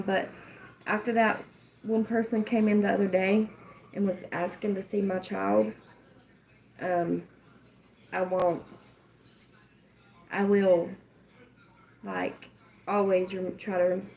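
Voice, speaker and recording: A woman's voice: medium pitch, level tone, takes it slowly, vocal fry, long pauses, darkish tone. A woman hosting a casual livestream, joking, laughing often and swearing playfully. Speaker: livestream host.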